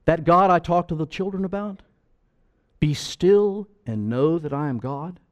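A man's voice: a little high, unhurried. A man preaching a sermon as pastor, emphatic and pleading, full of rhetorical questions.

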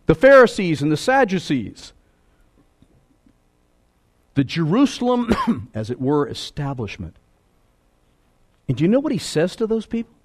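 A man preaching a sermon, swinging between loud emphatic lines and hushed, low asides. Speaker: pastor.

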